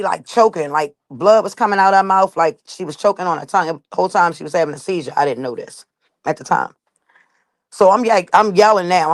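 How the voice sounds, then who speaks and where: A woman's voice: on the low side, no room sound. A woman vlogger telling her own life story to viewers in casual talk, blunt, profane and emphatic.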